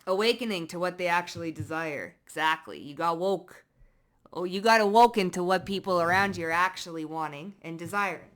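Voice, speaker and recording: A woman's voice: on the low side, fairly quick. Blunt, profane woman tarot reader. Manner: blunt, profane, emphatic, slangy; swings between loud bursts and muttered asides. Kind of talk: casual tarot reading monologue.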